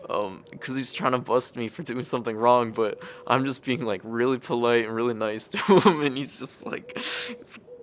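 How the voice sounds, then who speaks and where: A man's voice: mid-range voice, wildly swooping pitch, normal speed, fairly bright tone, slight background noise. Laid-back young man from California. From California, United States. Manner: laid-back, profane, laughs often while telling the story. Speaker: vlogger. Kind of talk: casual storytelling.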